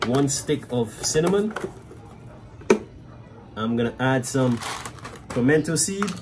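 A man's voice: mid-range voice, animated, slow, background noise. A man with a Guyanese accent, chatting casually through a cooking demonstration as a cafe owner and often tagging his sentences with "right?".

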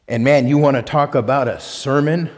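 A male pastor preaching a sermon and reading scripture aloud, emphatic, swinging between loud punched lines and quiet asides. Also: mid-range voice, big-room sound. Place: church sanctuary.

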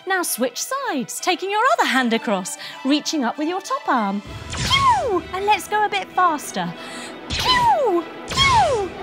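Lively woman, high and very expressive, leading kids' yoga through a story; faint music behind. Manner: lively and encouraging, guiding moves step by step. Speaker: children's yoga instructor. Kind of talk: storytelling yoga lesson for kids.

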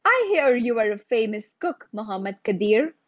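A woman voicing a rich, bored male nobleman who is quick to get impatient, for a storybook reading. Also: on the high side, very animated, dry recording, muffled recording. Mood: haughty. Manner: bored, then quick to anger.

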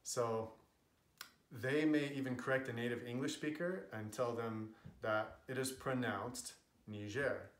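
A man's voice: medium pitch, a little slow. Chatty American man in an echoey room. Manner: earnest, chatty, with frequent fillers. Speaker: language vlogger. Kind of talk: casual explainer to camera.

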